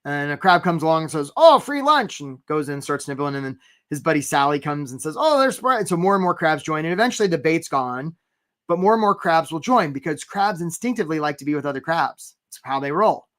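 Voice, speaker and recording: Animated man coaching a live webinar. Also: on the high side, a little fast. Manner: animated, talks straight to viewers by name; acts out little scenes in quoted voices. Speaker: career coach.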